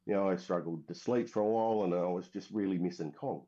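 In a casual interview, a former soldier from Western Australia spins a long, rambling tale packed with fillers and restarts, in an Australian accent. His voice is low, warm and fast. The audio quality is dull and lo-fi.

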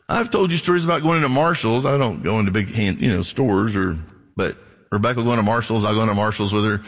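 A man's voice: medium pitch, fairly bright tone, in a large hall. A man preaching a sermon in a casual, conversational way, acting out little bits of dialogue between himself and his listeners. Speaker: pastor.

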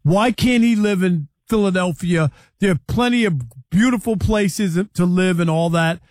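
A man's voice: high voice, moderate pace, darkish tone, no room sound, studio quality. A man co-hosting a sports talk show, giving blunt, opinionated takes.

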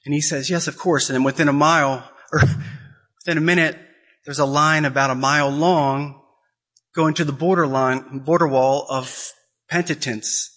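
Impassioned man preaching, bright voice. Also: fairly even intonation, normal speed. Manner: emotional, rising to high-pitched pleading; acts out quoted dialogue. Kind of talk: impassioned sermon.

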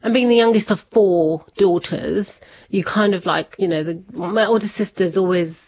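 A woman's voice: lowish voice, moderate pace, slightly rough. A woman telling a personal story in conversation, chatty, laughing often and acting out what people said. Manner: chatty, laughs often, acts out quoted voices. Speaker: interview guest. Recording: dull lo-fi sound.

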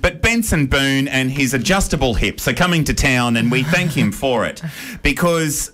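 A man's voice: medium pitch, lively intonation, moderate pace, a bit bright. A man hosting a radio show, bantering in a playful, joking way in the studio. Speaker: radio host.

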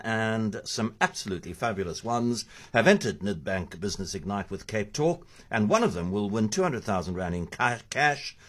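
A man's voice: on the low side, slightly rough. A man hosting a radio show, chatty and enthusiastic, talking in the studio. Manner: chatty, laughing, enthusiastic about food. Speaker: radio host. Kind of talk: radio talk show chat.

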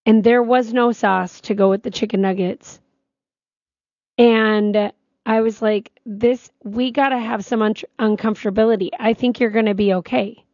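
A chatty woman co-host telling stories with an easy, lively flow. Her voice is dry and close, with a slightly dull, muffled tone. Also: a little high, moderate pace, no echo. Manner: chatty, storytelling, animated. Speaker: radio co-host. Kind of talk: casual on-air chat.

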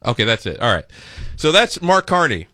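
A man hosting a talk radio show, mocking the clips he plays with quick sarcastic asides. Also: medium pitch, sing-song, pushed and bright, dry recording, clean studio sound, a faint crowd.

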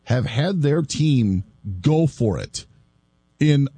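Husky-voiced male football pundit. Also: medium pitch, expressive, slow pace, mellow, no echo. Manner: casual, lots of "like" and restarts, opinionated. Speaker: sports talk show co-host. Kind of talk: sports analysis chat.

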